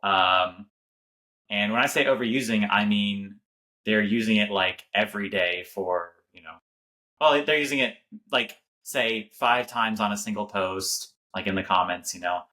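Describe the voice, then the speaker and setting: A man in his late twenties co-hosting a podcast, talking in a measured, hesitant way with wry remarks. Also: lowish voice, pushed and bright. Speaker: podcast co-host. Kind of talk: casual chat.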